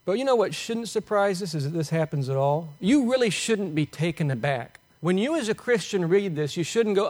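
A man preaching a sermon, animated and emphatic, asking the congregation rhetorical questions. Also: high-pitched, a little fast, few pauses. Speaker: pastor.

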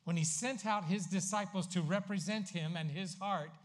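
A man preaching a sermon as pastor, swinging from emphatic, loud lines to hushed asides. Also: high voice, moderate pace.

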